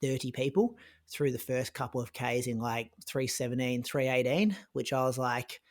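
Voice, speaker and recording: A man on a podcast, casually retelling a race in a chatty way, full of "like" and quick restarts. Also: medium pitch, steady tone. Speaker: podcast co-host recounting his race. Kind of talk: casual conversational storytelling.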